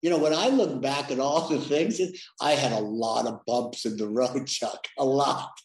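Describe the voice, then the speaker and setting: A man's voice: mid-range voice, normal speed. A man being interviewed, talking reflectively with many restarts. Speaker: interview guest, sales leader. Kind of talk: conversational interview. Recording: echoey room.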